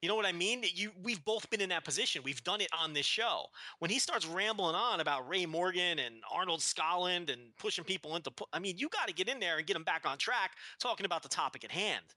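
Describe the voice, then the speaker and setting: A man co-hosting a podcast rants in a high, very bright, cutting voice. His pitch swings widely as he vents, swearing casually. It is recorded dry and close to the mic. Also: quick pace, few pauses, no echo. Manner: animated, ranting, profane. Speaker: podcast co-host. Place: living in the American South.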